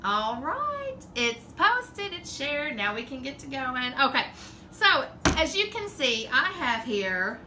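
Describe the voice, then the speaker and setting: A woman's voice: sits high, big pitch swings, slow, bright, forceful tone, a little hiss or hum, poor audio. A woman with a Southern drawl chatting casually and rambling as the host of a home craft livestream. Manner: chatty, rambling, laughs often. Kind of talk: casual live-stream chat.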